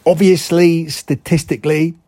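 A man hosting a football podcast, breaking down odds and form with fluent analysis and brisk sponsor reads. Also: on the high side, steady tone, warm tone, dry recording. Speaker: podcast host. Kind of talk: sports betting preview with ad reads.

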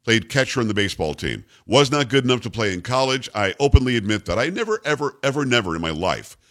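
Man, middle-aged, talk show host, blunt, emphatic, repetitive, lively intonation. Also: mid-range voice, fast talker. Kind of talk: opinionated monologue on sports news.

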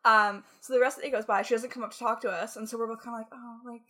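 Animated young woman telling a story. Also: fairly high pitch, racing. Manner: animated storytelling, frequent "like", bursts of laughter. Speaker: podcast co-host. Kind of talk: casual chat.

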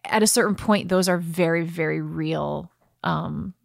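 A woman's voice: on the low side, unhurried, vocal fry, no room sound, clean studio sound. A woman in her thirties, a guest actor in a casual interview, talking reflectively with easy laughs and frequent restarts.

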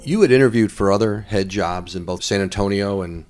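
A man's voice: lowish voice, a little fast, over music. A man hosting a podcast, asking probing, rambling questions in a conversational way. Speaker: podcast host and interviewer.

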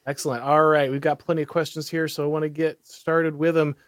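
A male host in a casual chat, reading out viewer questions with lively energy. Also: on the high side, fairly quick, dry recording, clean studio sound.

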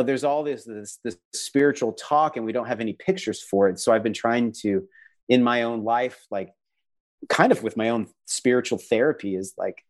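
Man, artist guest, earnest, reflective, casual interview talk, middle pitch. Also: a little mellow. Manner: earnest, reflective, searching for words with many likes.

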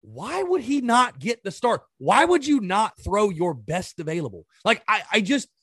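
A man's voice: sits high, very animated, moderate pace, fairly bright tone, breathy edge, no room sound, clean studio sound. A man hosting a sports podcast, ranting in an exasperated way and firing off rhetorical questions in casual commentary.

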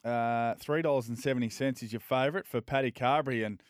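An Australian man running through the field and its prices on racing radio. His voice is smooth and clear with a dry, close sound, and his banter is casual. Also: medium pitch, steady tone, fast talker, dry recording. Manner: reads runners and odds, casual banter. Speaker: racing tipster reading the prices. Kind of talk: live radio racing talk. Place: radio studio.

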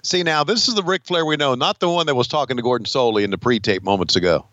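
Bright-voiced man, dull recording. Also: mid-range voice, fast, dry recording. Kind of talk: casual chat watching wrestling.

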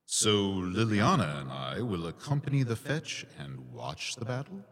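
An actor playing a smug fae ruler in an audio drama, mocking and amused by others' anger. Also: male voice, sing-song, a little slow, a bit bright, in a large hall, exaggerated voice. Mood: scheming. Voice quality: deep, gravelly. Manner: mocking, relishes others' anger, laughs often.

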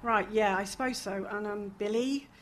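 A woman voicing a dramatic, indignant woman friend, breathy and theatrical. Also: a little high, expressive, fast talker. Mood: breathy huffy. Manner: breathy, theatrical, rising to outrage.

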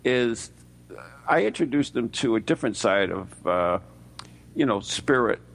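An American man co-hosting a radio show, telling a story in a rambling, halting way with many fillers. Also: medium pitch, animated, creaky. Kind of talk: casual radio banter.

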